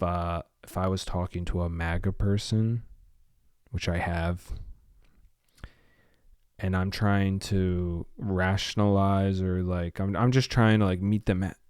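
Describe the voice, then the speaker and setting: A man's voice: deep voice, a little mellow, clean tone, dry recording, studio quality. A man hosting his own podcast, rambling casually with a slight lisp and drifting off topic and back. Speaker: podcast host.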